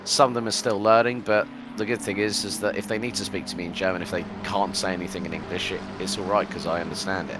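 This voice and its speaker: A man's voice: deep voice, fairly even intonation, fast talker, hardly any pauses, background noise. A man from the UK commentating a live sim race, chatty and rambling with lots of fillers. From United Kingdom.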